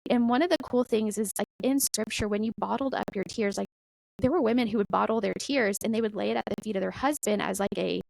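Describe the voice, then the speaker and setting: A middle-aged woman talking casually about faith as a podcast guest, animated and full of "like" and "right?". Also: medium pitch, quick pace, gravelly, no echo, rough recording.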